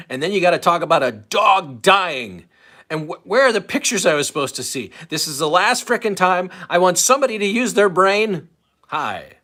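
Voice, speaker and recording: A radio countdown host with a slick announcer patter that keeps snapping into a cranky, cursing tirade, as a man puts him on. He sits a little higher and louder than the man's normal talk. The spoken-word impression comes from a live stream. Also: heavily acted. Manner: announcer delivery, bursts into profane rant. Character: male radio countdown host, smooth then irate.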